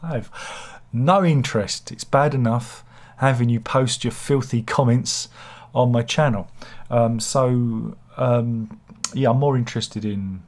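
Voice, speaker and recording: A man's voice: medium pitch, measured pace, darkish tone. A man, hosting a casual book review channel, rambling with sardonic, self-mocking humor. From England.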